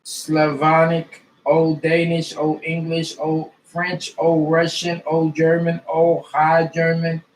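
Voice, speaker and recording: Slow man reading a list, echoey. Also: on the high side, completely flat delivery, slight background noise. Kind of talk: reading a list of dictionary terms aloud. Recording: echoey room.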